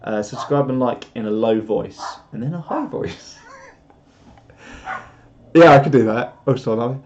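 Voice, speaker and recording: A man's voice: mid-range voice, a little slow, darkish tone, slight background noise. A man hosting a live stream, reading viewer comments aloud in a jokey, rambling way, on a dull lo-fi recording. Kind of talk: casual live stream chat. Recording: dull lo-fi sound.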